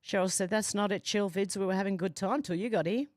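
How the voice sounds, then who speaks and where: Talking quickly in a medium-pitched, slightly mellow voice, an Australian woman reads viewer comments during a casual livestream from her home, amused and chatty. The doors and windows are open, yet the recording is clean and free of room sound.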